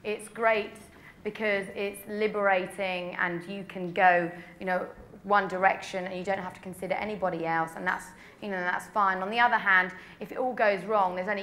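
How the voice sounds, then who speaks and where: A woman's voice: mid-range voice, a bit bright. An English woman in her twenties, a pop singer answering press questions in a chatty, candid way full of "you know". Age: 20s.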